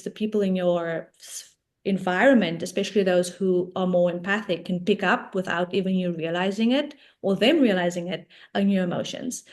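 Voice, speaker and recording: Woman coach talking it through, casual, lots of "like" and "right?", mid pitch. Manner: talkative, peppered with "like" and "right?". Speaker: coach and guest. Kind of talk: casual explanatory chat.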